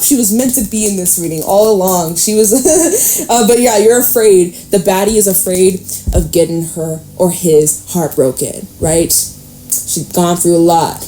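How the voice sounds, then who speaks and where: A woman's voice: fairly low pitch, warm tone, a little hiss or hum. A woman giving a casual tarot reading, chatty and blunt, with a playful and sometimes profane way of talking. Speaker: tarot reader.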